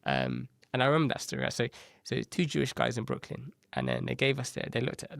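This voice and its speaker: A man tells stories in a casual interview, lively and often slipping into the voices of people he quotes. His voice has a gravelly edge. The recording is dry and close. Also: medium pitch, quick pace, few pauses, no room sound. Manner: animated, acts out quoted dialogue, frequent "right?". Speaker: agency founder, podcast guest.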